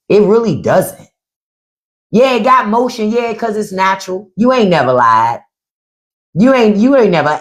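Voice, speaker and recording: A woman hosting a live stream in casual comedic chat, loud and playful, swearing and swinging her voice from high to low. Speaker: podcast host on a live stream. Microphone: phone or desk mic on a live stream.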